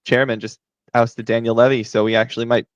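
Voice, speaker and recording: A man's voice: medium pitch, little pitch movement, fairly quick, no room sound. A man co-hosting a casual podcast, chiming in with laid-back asides. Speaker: podcast co-host. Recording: slightly dull lo-fi mic.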